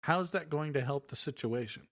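A man's voice: a little high, normal speed, a bit bright. Reflective man in casual chat. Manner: reflective, agreeable listener.

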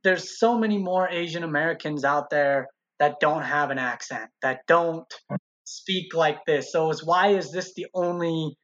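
A man's voice: on the high side, moderate pace, few pauses. A man guest in a casual interview, telling his story and acting out what others said. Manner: animated, quotes people in changed voices. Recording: dull lo-fi sound.

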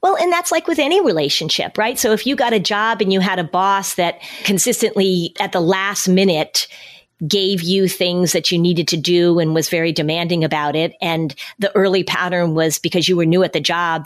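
A woman's voice: fairly low pitch, moderate pace. A middle-aged woman, a former social worker, explaining parenting with acted-out examples of parents and children. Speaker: parenting expert guest. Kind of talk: conversational advice.

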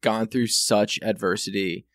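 A man's voice: on the low side, fairly even intonation, a little slow, a bit bright, no echo, studio quality. A man talking in casual podcast chat as a guest, heartfelt and rambling with many fillers.

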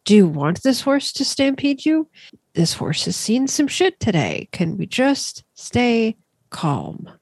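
A woman at a tabletop game who talks slowly, in a dry, exasperated, sarcastic way. Her voice is middle-pitched and sounds close and dry. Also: sing-song, a little mellow, breathy edge, dry recording. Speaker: player. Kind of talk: in-character banter at a game table.

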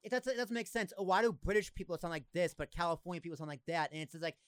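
A young man with a faded Boston accent, hosting a casual podcast chat, animated and quick to laugh and do impressions. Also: high-pitched, smooth, dry recording, clean studio sound. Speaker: podcast host.

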